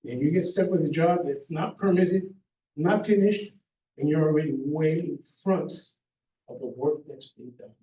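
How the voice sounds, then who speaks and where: A man's voice: a little high, normal speed, warm tone, slight background noise. A middle-aged man, a contractor, giving practical advice to a seminar audience in an emphatic way, laying out numbered points and often checking in with "okay?". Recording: roomy hall, mic far off.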